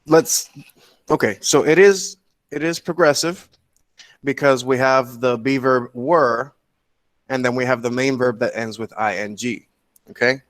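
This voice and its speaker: A man's voice: mid-range voice, unhurried. A man teaching an online English class, explaining step by step in a patient way and often checking in with "okay?". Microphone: computer mic on a video call.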